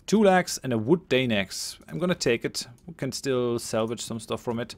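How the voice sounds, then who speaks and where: A man's voice: medium pitch, expressive, moderate pace, few pauses. A man hosting a let's play, thinking aloud as he plays and reads game text aloud. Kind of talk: gameplay commentary.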